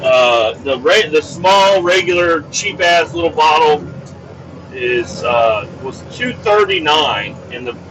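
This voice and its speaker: A man hosting a podcast, rambling and cursing in an exasperated monologue from his car on the highway. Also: animated, slow. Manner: profane, rambling, exasperated rants. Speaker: podcast host. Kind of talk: casual rambling monologue while driving. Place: inside a moving vehicle on the highway. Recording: distant, dull mic with road noise. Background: car and road noise.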